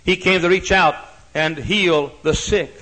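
A pastor preaching a sermon, moving from hushed storytelling to loud, shouted climaxes. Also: male voice, fairly high pitch, unhurried, low-quality recording.

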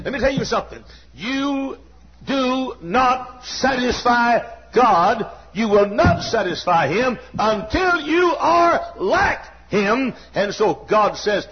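Middle-aged male preacher, high husky voice, folksy and emphatic, sermon in a church. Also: expressive, a little slow, dull audio. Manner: folksy storytelling with sudden shouts. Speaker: pastor. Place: church sanctuary.

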